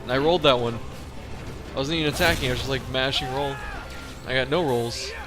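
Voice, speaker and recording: A man's voice: mid-range voice, a little fast. Chatty, swearing man over game music. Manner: chatty and profane, hums along while fighting. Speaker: let's play host. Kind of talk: casual gameplay commentary.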